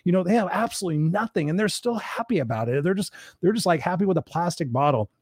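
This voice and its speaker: Podcast host guy talking fast, hyped up, dry close sound. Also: high voice, animated, darkish tone, husky, no echo. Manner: enthusiastic, agreeable. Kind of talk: casual podcast chat.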